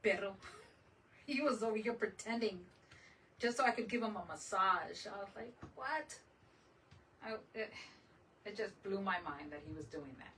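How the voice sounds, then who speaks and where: A woman hosting a craft livestream, telling a lively story in casual chat, laughing often and slipping in Spanish words. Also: medium pitch, moderate pace. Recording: voice a bit far from the mic, faint room noise.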